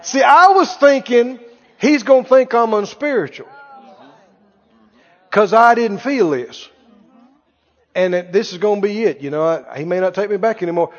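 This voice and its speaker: A man preaching a sermon, telling a story in a folksy, animated way. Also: sits high, moderate pace, pauses often. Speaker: pastor. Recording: dull recording in a reverberant hall.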